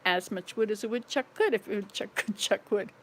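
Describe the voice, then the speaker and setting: A woman's voice: medium pitch, brisk, fairly bright tone, a little hiss or hum. A woman in her sixties, chatting casually at home as she walks around, rambling and playful, laughing at her own slip-ups. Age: 60s. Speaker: vlogger. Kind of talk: casual home vlog chat. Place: at home, walking from room to room.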